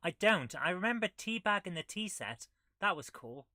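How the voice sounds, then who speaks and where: A woman's voice: fairly low pitch, very animated, normal speed, sharp tone, dry recording. A woman hosting a retro gaming stream, reading the game's text aloud and adding wry, dry asides as she plays. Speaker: host of a retro gaming channel. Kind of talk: live gameplay commentary.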